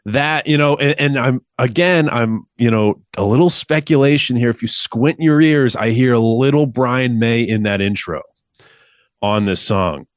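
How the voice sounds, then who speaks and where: A man's voice: mid-range voice, measured pace, no room sound, clean studio sound. A man in a casual podcast discussion about an album, talking with enthusiasm and filling his sentences with "like". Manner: enthusiastic, fillers and "like".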